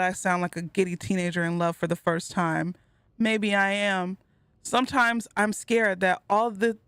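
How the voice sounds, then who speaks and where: A woman hosting a gameplay video. She reads in-game letters aloud slowly and earnestly, and sometimes breaks off with giddy high-pitched exclamations. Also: clean tone, no echo. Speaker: gaming video host. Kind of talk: let's play commentary, reading in-game letters aloud.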